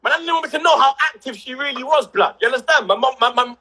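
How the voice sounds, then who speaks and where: A young man, telling a story on a casual livestream with rising excitement and shouts. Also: extremely high pitch, rapid-fire, rough recording. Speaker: livestream co-host.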